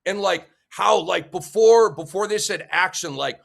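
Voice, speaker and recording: Excitable high-voiced male show host with a cold. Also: unhurried, creaky. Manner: enthusiastic, jokey, with frequent fillers and restarts. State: head cold. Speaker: sports debate show host. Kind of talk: casual talk-show hosting.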